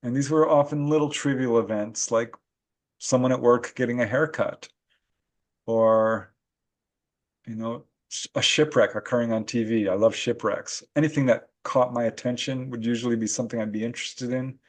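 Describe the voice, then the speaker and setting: A man's voice: medium pitch, moderate pace. Man telling stories with frequent laughs. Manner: animated storyteller who laughs often while recounting experiences. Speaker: guest, paranormal researcher and author. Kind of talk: casual interview storytelling.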